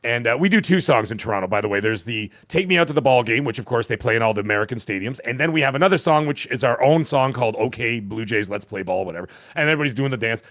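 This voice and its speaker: A hoarse man in his fifties, still recovering his voice, rambles through a lively story on a podcast. His voice sits at a mid pitch and is heard close and dry, with no room around it. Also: quick pace, hardly any pauses, dry recording. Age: 50s. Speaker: podcast co-host. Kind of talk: casual chat.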